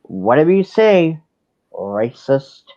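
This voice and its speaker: A man's voice: mid-range voice, very animated, slow, warm tone. A man hosting a livestream, ranting in a heated, sarcastic way with frequent restarts. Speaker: livestream host. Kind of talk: casual ranting chat. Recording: dull lo-fi stream audio.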